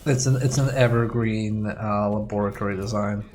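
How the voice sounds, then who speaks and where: A man streams a video game in a casual let's-play, joking and rambling as he plays. His voice is on the low side and darkish, with a steady tone at normal speed, over soft background music.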